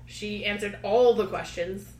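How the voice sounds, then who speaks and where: A woman co-host who drops in wry, jokey asides. She sounds like she is in an echoey room, and a clear electrical hum runs underneath her voice. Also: mid-range voice, unhurried, darkish tone. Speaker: podcast co-host. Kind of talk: casual podcast chat.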